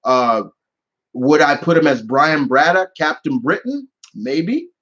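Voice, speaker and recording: Guy rambling through a live q&a, lots of um and restarts, higher voice, kinda muffled lo-fi sound. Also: slow pace. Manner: rambling, animated, many restarts and fillers. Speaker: channel host answering viewer questions. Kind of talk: casual live Q&A chat.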